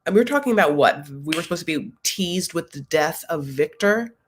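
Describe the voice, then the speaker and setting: A woman's voice: deep voice, lively intonation, brisk, slight background noise. Chatty, sassy woman hosting a reaction chat. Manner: chatty and sassy, jokes and asides, acts out quotes. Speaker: recap show host. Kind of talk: casual live reaction chat.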